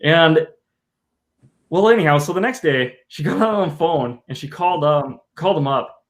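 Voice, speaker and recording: A man with a somewhat high voice tells an anecdote on a casual podcast. He is animated and jokey and slips into acted-out quotes as he goes. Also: normal speed. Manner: animated, joking storyteller who acts out quotes.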